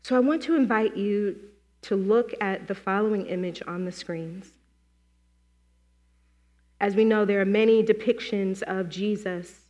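A woman preacher leading a slow, gentle guided meditation and prayer in a church. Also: medium pitch. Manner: gentle, slow, inviting with many pauses. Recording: long hall reverb.

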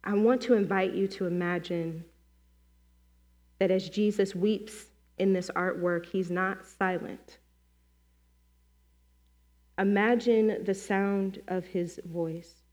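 A woman leads a guided meditation and prayer, speaking slowly and gently, with long pauses between phrases. Her mid-pitched voice carries a long reverb from a large worship hall. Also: steady tone. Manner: gentle, slow, inviting with many pauses. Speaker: preacher leading a guided meditation.

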